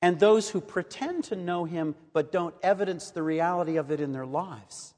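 A man preaching a sermon in a measured, earnest way, reading and explaining scripture. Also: high-pitched, darkish tone. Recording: long hall reverb.

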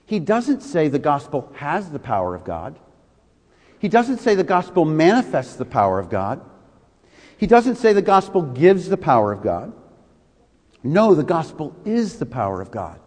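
A man's voice: fairly high pitch, wildly swooping pitch, normal speed, a little mellow, long reverb tail. A male pastor preaching a sermon, leaning hard on key words and drawing them out for emphasis.

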